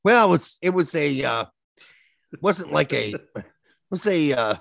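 A man's voice: fairly high pitch, sing-song, slow pace, gravelly, a bit bright, no room sound, clean studio sound. A man co-hosting a soccer podcast, telling stories and ranting with plenty of swearing in casual chat. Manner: profane, ranting storyteller.

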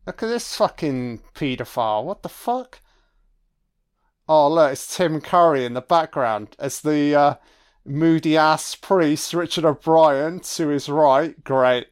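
A man's voice: fairly high pitch, clear, resonant tone. A man giving a casual, profane and sarcastic film commentary as host.

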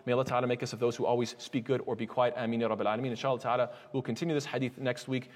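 A man giving a religious lesson, telling a personal story with lively acted-out dialogue and frequent restarts. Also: medium pitch, very fast, long reverb tail. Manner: animated storytelling, acts out dialogue; frequent restarts and Islamic phrases. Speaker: Islamic lecturer.

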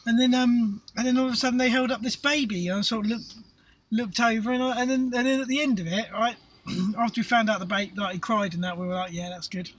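High, bright, sweary bloke. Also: male voice, fairly even intonation, quick pace, recorded from a distance, a little hiss or hum, rough recording. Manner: sweary, laughing storyteller. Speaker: podcast co-host. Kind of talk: crude casual chat. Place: parked car.

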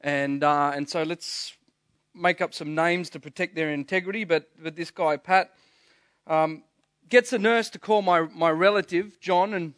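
A man's voice: fairly high pitch, a little slow, a bit bright, no room sound, clean studio sound. A man preaching a sermon, telling stories earnestly and often restarting his words. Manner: earnest storytelling, stammering restarts. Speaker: pastor.

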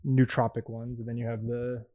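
A man's voice: medium pitch, monotone, normal speed, muffled recording. A man hosting a podcast, chatting loosely and laughing, drifting into tangents. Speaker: podcast host. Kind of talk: casual chat.

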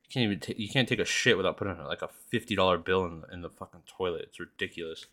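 A man's voice: low voice, fast talker, bright, forceful tone. A man, hosting a solo podcast and telling rambling, profane stories in a casual chat. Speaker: podcast host.

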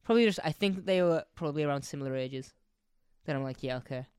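An animated podcast co-host talking in loose, casual chat, with bursts of excitement and plenty of swearing. The throat sounds irritated and prone to coughing. The recording is dry and close, with no room sound. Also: mid-range voice, fast talker, clear, resonant tone, dry recording. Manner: animated, swears freely, swings to loud bursts.

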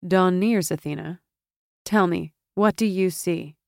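A woman's voice: fairly low pitch, measured pace, vocal fry, darkish tone, no echo, clean studio sound. A woman voicing a stern, commanding male sea god in an audiobook.

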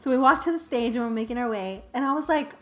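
Chatty young woman vlogger, high voice. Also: fast talker, faint music behind. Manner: animated, self-mocking, lots of "like". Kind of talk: casual storytelling.

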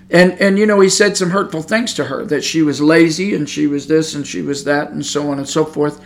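A high-voiced man preaching a sermon in an earnest, homespun way. He is middle-aged, and he often circles back and repeats words before pressing his point. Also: brisk, few pauses. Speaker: pastor.

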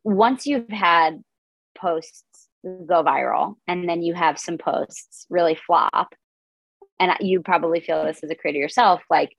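A woman in her twenties talks in a casual, upbeat podcast chat, her words tumbling out between filler words. Her voice sits on the low side, with a gravelly fry. The sound is dry and close. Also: measured pace, no room sound, muffled recording. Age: 20s. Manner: chatty, upbeat, lots of "like" fillers. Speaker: comedian and content creator, guest.

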